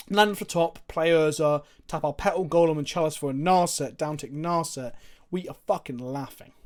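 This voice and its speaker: Talking through his card game on stream, a man with a fairly high-pitched voice gets excited, curses freely, and thinks aloud into a desk microphone.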